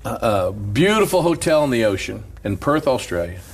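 A man who is a pastor, telling stories in an animated casual chat and laughing through them. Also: medium pitch, moderate pace.

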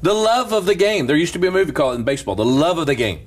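Preacher guy telling a story, kinda husky, voice goes all over the place, chuckles a lot. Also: a little high, racing. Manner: animated storyteller, chuckling often. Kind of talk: storytelling in casual talk.

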